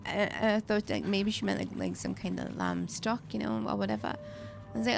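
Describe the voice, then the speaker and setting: A woman's voice: medium pitch, moderate pace, vocal fry. A woman streaming a survival game, telling shop stories in chatty casual talk full of fillers and restarts. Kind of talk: casual chat while gaming. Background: game music.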